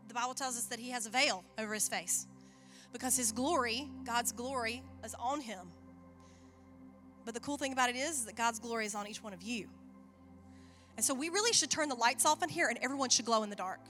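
A woman preaching a sermon in an animated way, acting out the voices she quotes. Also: on the high side, brisk, soft background music. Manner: animated, acts out quoted voices, chuckles at herself.

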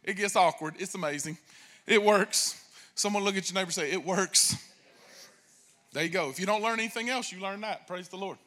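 A man preaching a sermon as pastor, telling jokes and stories in a lively way and acting out quoted voices. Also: high voice, quick pace. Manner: animated, joking storytelling with acted-out voices.

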